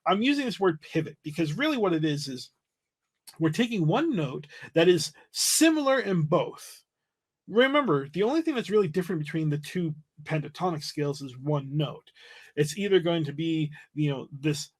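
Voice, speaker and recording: A man with a fairly high-pitched voice teaches flute over a livestream. His explanations are relaxed, and he keeps checking in with a "right?"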